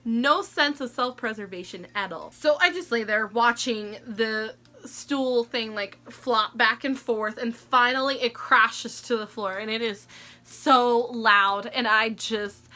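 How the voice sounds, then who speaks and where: A woman in her twenties telling a story to camera in a casual, animated way, laughing often and filling her talk with "like.". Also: on the high side. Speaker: vlogger.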